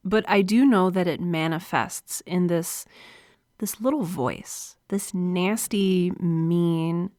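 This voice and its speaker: A female solo podcaster shares things earnestly and confidingly with a smiling delivery, sitting close to a studio microphone. Her voice is on the low side and a little mellow, in a dry recording.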